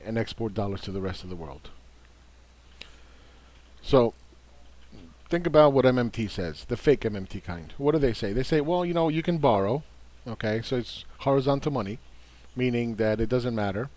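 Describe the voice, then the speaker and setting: A man's voice: medium pitch, darkish tone. A man giving a combative, casual market commentary, dismissing opposing views and repeating words for emphasis. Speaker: investing commentator.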